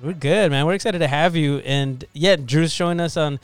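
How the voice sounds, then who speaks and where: A man's voice: on the high side, normal speed, clear, resonant tone, dry recording, faint music behind. A man hosting a casual podcast over a video call, upbeat and rambling, laughing often. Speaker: podcast host.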